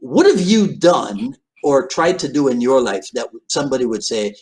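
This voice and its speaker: A man hosting an interview podcast, asking questions with halting restarts and lots of yeahs. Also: medium pitch. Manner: animated, halting restarts, frequent backchannel. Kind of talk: casual interview conversation.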